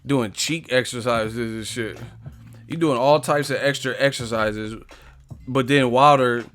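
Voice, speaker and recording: Loud and profane, a young man runs a casual live boxing stream, laughing frequently and mocking what he discusses. He speaks at a medium pitch without hurrying, with faint music in the background.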